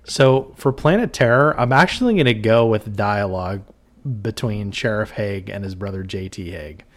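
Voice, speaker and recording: A man with a fairly low voice co-hosts a podcast. He talks casually and keeps breaking into laughter as he reads out favorite lines. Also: animated, normal speed. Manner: laughs often while reading movie quotes. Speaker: podcast co-host. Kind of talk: casual chat.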